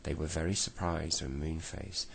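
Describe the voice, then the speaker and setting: A man reading a bedtime story aloud in a slow, unhurried way, with small slips. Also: a bass voice, fairly even intonation, creaky, a little hiss or hum.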